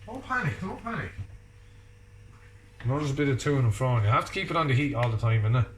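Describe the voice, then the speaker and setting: In his home kitchen, an Irish vlogger chats and jokes while cooking, bantering with someone off camera. His mid-range voice moves very fast. The room is echoey, with slight background noise.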